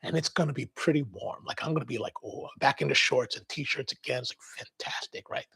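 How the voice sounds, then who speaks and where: A man's voice: medium pitch, a little fast, gravelly, fairly bright tone, breathy edge. A man from Maryland hosting a coffee livestream, telling a rambling casual story and reading viewer comments. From Maryland, US East Coast. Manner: rambling storyteller, quotes people in voices, laughs.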